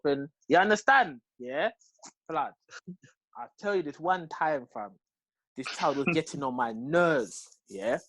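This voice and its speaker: A young man with a London accent, telling a story in an animated, slang-heavy way as a podcast co-host. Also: high-pitched, measured pace, no echo. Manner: slangy, lively, full of street slang tags. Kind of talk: animated storytelling in casual chat.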